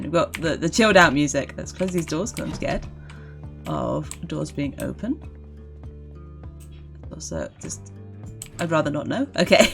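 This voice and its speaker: A woman streamer giving casual, giggly commentary while playing a game, chatting to the enemies on screen. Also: on the low side. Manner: giggly, chatty, talks to zombies.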